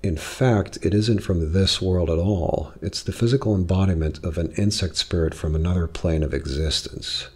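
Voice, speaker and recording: Impatient, sophisticated older woman, read by a man, brisk and condescending, low and husky. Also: a little mellow.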